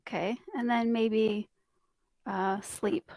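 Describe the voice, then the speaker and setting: A high-pitched woman speaking as a life coach in a loose podcast chat. She is upbeat and talkative and laughs often between points. The sound is dry and close. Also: fairly even intonation, slow pace, darkish tone, dry recording, low-quality recording. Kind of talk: casual motivational podcast chat.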